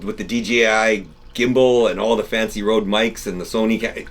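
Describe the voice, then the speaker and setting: A middle-aged man hosting a car channel, telling rambling, animated stories in casual chat to camera. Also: lowish voice, normal speed. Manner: rambling, animated storytelling with restarts. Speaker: channel host. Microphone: camera-mounted mic, no lapel.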